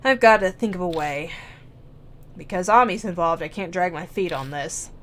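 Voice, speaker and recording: A woman's voice: fairly low pitch, moderate pace, fairly bright tone, a little hiss or hum. A young woman hosting a let's play, reading a visual novel aloud with wry, joking asides.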